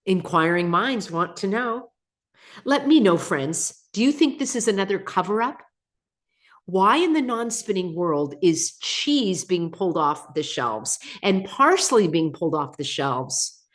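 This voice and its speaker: A woman hosting a live stream, chatting casually, laughing often and reading viewer comments aloud, slightly under the weather. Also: mid-range voice. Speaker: channel host.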